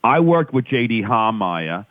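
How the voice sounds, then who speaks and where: A New York man calls in by phone as a guest, his lowish voice swinging widely in pitch over a tinny line with a little hiss or hum. He tells raunchy stories in crude banter and is quick to deny things.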